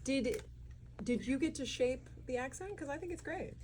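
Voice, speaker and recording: A woman moderating a live cinema Q&A, enthusiastic and quick to laugh, with loose phrasing. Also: high voice, a little mellow. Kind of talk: live Q&A hosting. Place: cinema auditorium. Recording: noisy live cinema sound.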